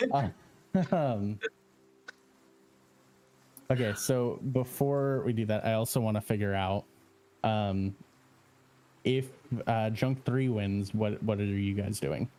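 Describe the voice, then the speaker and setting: A man running a tabletop game as dungeon master, explaining rules in a relaxed way with many fillers. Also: lowish voice, slow, pauses often.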